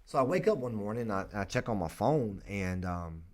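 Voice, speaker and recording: A young man with a North Carolina accent, a real estate agent telling a personal story in an earnest, halting way. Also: fairly low pitch, animated. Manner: earnest, emotional, halting with frequent restarts.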